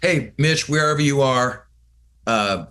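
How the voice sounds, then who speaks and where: A man's voice: medium pitch, takes it slowly, pushed and bright. Teasing male rock singer guest. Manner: sarcastic, teasing, playful banter. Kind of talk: casual interview chat.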